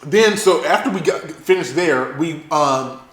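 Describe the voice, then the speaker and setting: A man's voice: on the high side, animated, measured pace, a bit bright, echoey room. A man co-hosting a podcast in casual chat, rambling through an exasperated recounting. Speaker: podcast co-host.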